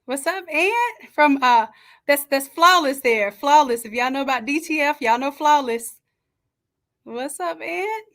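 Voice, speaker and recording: A woman hosting a live stream from a home setup, chatting and greeting each viewer warmly by name. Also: sits high, a little slow. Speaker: livestream host and design coach. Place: home setup with makeshift camera stand. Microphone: camera on a stand.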